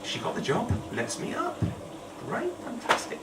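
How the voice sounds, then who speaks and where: A man's voice: high voice, huge pitch swings, moderate pace. A man telling a true story on stage at a storytelling night, rambling and self-deprecating with humour. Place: event hall. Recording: echoey hall, distant mic, noisy.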